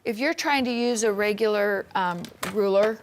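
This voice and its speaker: A woman's voice: mid-range voice, normal speed, slight background noise. A woman co-hosting a live quilt-shop sewing demo, reading out viewer comments and explaining cutting tips.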